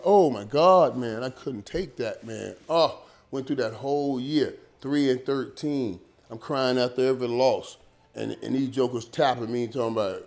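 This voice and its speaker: Animated middle-aged man telling stories. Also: mid-range voice, moderate pace, gravelly. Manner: animated, repeats words, peppers talk with "man" and "dog". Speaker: interview guest, former pro football player. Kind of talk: casual storytelling in an interview.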